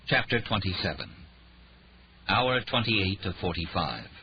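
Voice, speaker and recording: A man narrating an audiobook thriller in a dramatic, expressive reading. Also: deep voice, moderate pace, noisy background. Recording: dull lo-fi audiobook recording.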